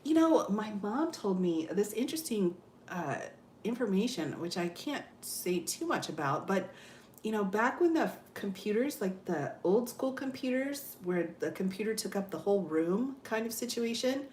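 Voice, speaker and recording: A woman's voice: mid-range voice, big pitch swings, normal speed, a little mellow, reverberant, slight background noise. A woman hosting a casual livestream, reading viewer comments aloud, laughing often and exclaiming "oh my goodness.". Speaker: livestream host.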